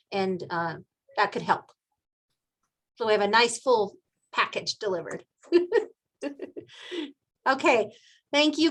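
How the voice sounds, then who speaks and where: A woman's voice: fairly high pitch, a bit bright. A woman from Montana leading an online meeting, talking in a chatty, folksy way and laughing often. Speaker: meeting facilitator.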